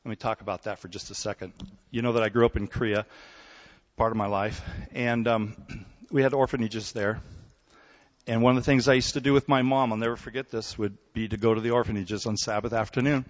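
A man preaching a sermon in a relaxed, conversational way, telling stories and often checking in with his listeners. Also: fairly low pitch, fairly quick. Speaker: pastor. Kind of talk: sermon with storytelling. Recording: dull recording in a hall with long reverb.

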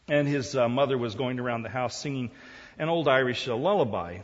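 A man's voice: mid-range voice, brisk. A man preaching a sermon as pastor, emphatic and full of rhetorical questions. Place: large hall. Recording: dull sound in a reverberant hall.

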